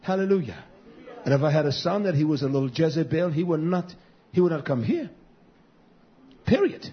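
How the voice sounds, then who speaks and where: Husky-voiced man preaching a sermon. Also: fairly high pitch, fast, muffled recording. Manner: emphatic preaching that repeats its key words. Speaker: pastor. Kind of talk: sermon to a congregation and live stream.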